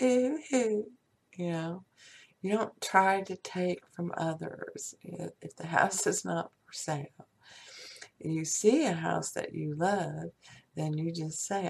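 A woman talking casually about faith and acceptance, rambling, with soft spoken affirmations. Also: fairly low pitch, lively intonation, gravelly. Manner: slow, meandering, soft affirmations. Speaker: spiritual speaker. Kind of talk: casual spiritual talk.

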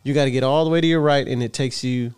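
Guy in his middle years, smooth resonant voice, dry close sound, rambling cussing stories. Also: mid-range voice, steady tone, fast, a little mellow, dry recording. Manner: rambling, profane storytelling. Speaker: podcast co-host. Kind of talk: casual chat.

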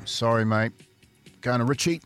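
A man with a New Zealand accent running a radio phone quiz, matey and jokey, a little halting at times. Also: mid-range voice, fairly bright tone, clear, resonant tone, soft background music. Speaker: radio quizmaster. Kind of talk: casual radio quiz banter. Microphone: phone line into studio.

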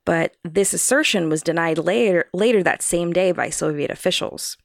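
A woman's voice: on the low side, moderate pace, creaky, no room sound, clean studio sound. A woman co-hosting a casual podcast, reading from prepared notes and laughing along with her co-host. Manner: reads prepared notes, laughs often at her co-host's jokes. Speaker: podcast co-host presenting the research.

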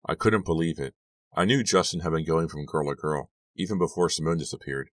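A man narrating a first-person audiobook in a steady, even storytelling manner. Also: very deep voice, brisk, no room sound, distant mic.

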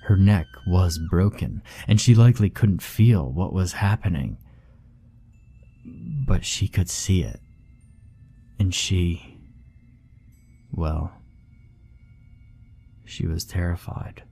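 A man narrating a horror story in a grave, measured first-person telling. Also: sits low, expressive, gravelly, dark tone, husky. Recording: faint background music.

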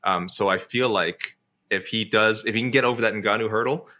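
A man on a sports panel giving measured opinions in a laid-back way. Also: fairly low pitch, bright, forceful tone. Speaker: podcast panelist. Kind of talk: casual sports chat.

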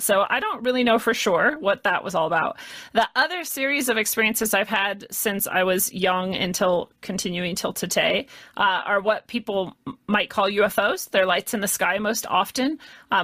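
A woman speaking as a guest in a casual interview, measured and thoughtful, with light laughs. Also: mid-range voice, pushed and bright, no room sound.

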